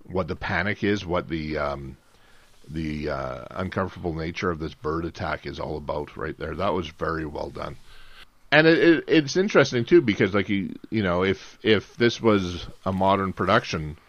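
A man's voice: deep voice, moderate pace, no echo. A man co-hosting a casual film podcast, rambling and restarting his sentences. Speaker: podcast co-host. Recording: dull, lo-fi dry sound.

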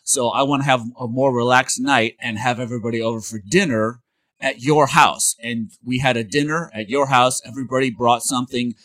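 Bright-voiced man who laughs easily. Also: mid-range voice, fairly even intonation, brisk. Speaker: podcast host. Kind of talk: casual chat.

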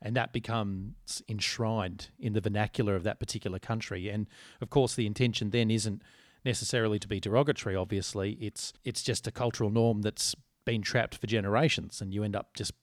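Man, low voice, wry, articulate, dry close sound. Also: steady tone, a little fast, dry recording. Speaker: podcast co-host. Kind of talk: casual podcast banter.

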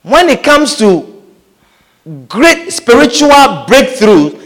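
A man preaching with a strikingly high voice that swings widely up and down. He speaks with emphasis, repeats key phrases and keeps checking whether his listeners understand. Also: very animated, measured pace, fairly bright tone, big-room sound. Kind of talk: sermon.

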